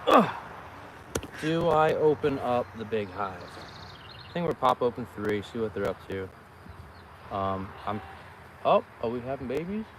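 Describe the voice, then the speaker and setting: Man, beekeeper vlogger, chatty and exclamatory, mid pitch, outdoor recording with birds and insect noise behind. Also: big pitch swings, a little slow, pauses often. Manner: chatty, talks to the bees, exclaims often. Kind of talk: casual running commentary. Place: outdoors at beehives.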